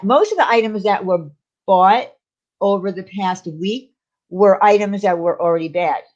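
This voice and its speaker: A woman's voice: medium pitch, dull audio. A woman hosting a casual livestream, talking in a rambling way with lots of fillers and restarts. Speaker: channel host.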